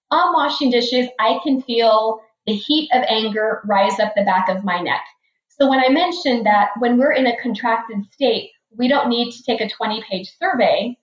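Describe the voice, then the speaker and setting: Earnest woman coach in an echoey room. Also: on the high side. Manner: earnest, repeats phrases for emphasis. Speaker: guest financial coach. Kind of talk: podcast interview storytelling. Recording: echoey room, dull lo-fi sound.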